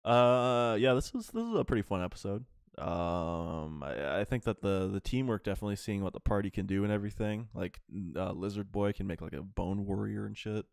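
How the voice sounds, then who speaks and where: A man's voice: on the low side, animated, a little fast, creaky, hardly any pauses, no room sound, clean studio sound. A man hosting a casual anime podcast, rambling through episode recaps with lots of fillers and swearing. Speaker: podcast host.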